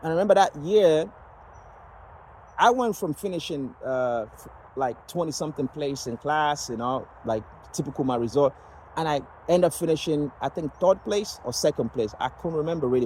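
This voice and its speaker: A man's voice: on the high side, animated, moderate pace, a little mellow, slight background noise, low-quality recording. Rambling man from Nigeria. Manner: rambling, many fillers and restarts. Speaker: vlogger sharing personal story. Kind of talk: casual personal storytelling.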